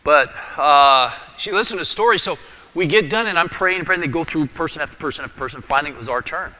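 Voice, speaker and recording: A middle-aged male pastor preaching in a church sanctuary, his voice ringing with a long hall reverb. He speaks a little high and very bright, swinging between animated storytelling and hushed, prayerful murmurs. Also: quick pace. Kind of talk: sermon storytelling.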